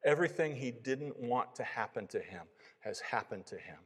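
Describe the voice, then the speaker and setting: A man's voice: medium pitch, lively intonation, moderate pace, fairly bright tone, husky. A man preaching a sermon, telling a story and then pleading with his listeners. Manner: storytelling, rising to pleading appeals. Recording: long hall reverb.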